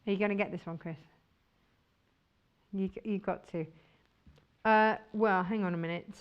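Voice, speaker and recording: A woman's voice: mid-range voice, fairly even intonation, normal speed, clean tone, dull audio. A woman presenting fabrics on a shopping channel, chatty and enthusiastic. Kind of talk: chatty live sales presentation.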